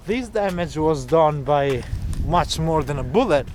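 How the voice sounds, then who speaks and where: A male travel vlogger walks through city streets, chatting to the camera and explaining local facts. His voice is a little high and a little mellow, with lively intonation and a measured pace, over slight background noise.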